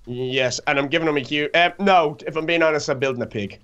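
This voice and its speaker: A man's voice: fairly high pitch, quick pace, fairly bright tone, smooth, highs cut off. A man chatting casually and joking through a gaming session. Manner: joking, playful banter. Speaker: gaming channel regular.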